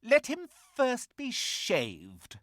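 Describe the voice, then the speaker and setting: A man reading an audiobook, voicing a cruel, imperious witch with shrill, drawn-out, commanding shouts. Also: wildly swooping pitch, dry recording, clean studio sound, exaggerated voice. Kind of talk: audiobook character voice.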